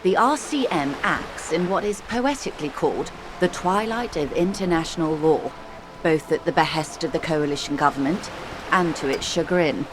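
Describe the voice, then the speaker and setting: A woman's voice: sits low, normal speed, natural voice. An actress voicing an erudite woman in a video game who lectures a detective in an eloquent, wry manner, in game audio with background noise.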